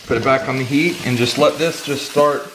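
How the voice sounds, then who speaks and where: A man's voice: mid-range voice, a little fast, background noise. A man, talking casually and emphatically to viewers while cooking at home. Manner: emphatic, folksy, talks straight to viewers. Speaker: fishing channel host cooking for a guest. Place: home kitchen, indoors. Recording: echoey kitchen. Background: food sizzling in a pan.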